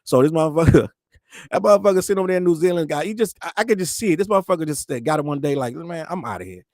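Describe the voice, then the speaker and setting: Racing along in a slightly high voice, this podcast host swears his way through animated rants on his casual commentary show, acting out the people he quotes. The studio-quality recording has no echo.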